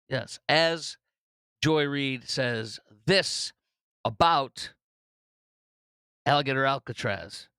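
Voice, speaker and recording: A man's voice: medium pitch, pushed and bright, clean tone, dry recording. A middle-aged man hosting a political commentary show, talking effusively and emotionally, often restarting and repeating words. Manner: effusive, emotional, breaks into laughter. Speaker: podcast host.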